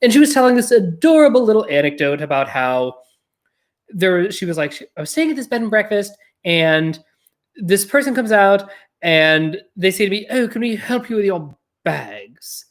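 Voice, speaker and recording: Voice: mid-range voice, moderate pace. A podcast host talking casually in a loose, filler-heavy way, telling stories and dropping the odd swear word. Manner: chatty, filler-heavy, animated storytelling with frequent "like"; blunt, occasionally swears.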